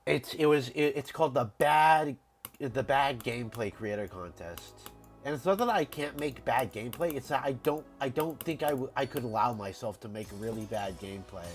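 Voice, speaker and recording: Sick male streamer, nasal and congested, rambly stop-start talk, mid-pitched, faint music under. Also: expressive, normal speed. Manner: rambling, stammers and repeats words. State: congested from a cold. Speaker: game streamer. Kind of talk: casual live-stream chat.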